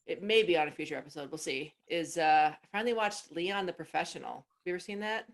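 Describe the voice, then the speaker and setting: A woman's voice: low-pitched, quick pace, vocal fry. A woman co-hosting a podcast, chatting and telling stories, often trailing off mid-thought. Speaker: podcast co-host. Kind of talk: casual chat.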